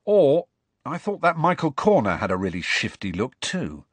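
Casting: man reading an indignant gangly schoolboy, husky, lively swings in pitch. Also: normal speed, dry recording. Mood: eager. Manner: blunt, eager, indignant. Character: excitable gangly teenage schoolboy. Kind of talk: audiobook character voice.

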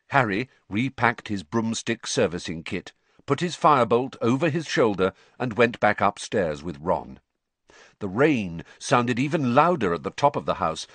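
A man reading an audiobook narration in an expressive storytelling manner. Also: lowish voice, no echo.

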